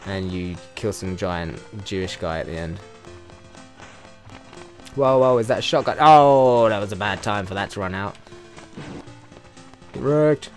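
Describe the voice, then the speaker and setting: A lowish-voiced British man hosts a let's play, delivering sarcastic, profanity-laced commentary on his video game. He often breaks into loud, excited yelps during this casual gameplay chatter.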